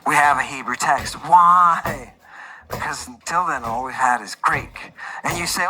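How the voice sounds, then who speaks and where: A man hosting a lively livestream lecture, joking and swinging between loud outbursts and muttered asides. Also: on the high side, a little slow, music in the background, rough recording. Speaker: host.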